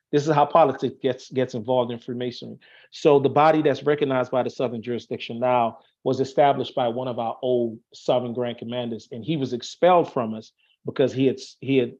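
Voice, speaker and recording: In lo-fi sound, a man with a darkish, mid-range voice explains things in relaxed chat. He is a Masonic officer on an online show, sincere and thinking aloud, frequently restarting sentences and using fillers.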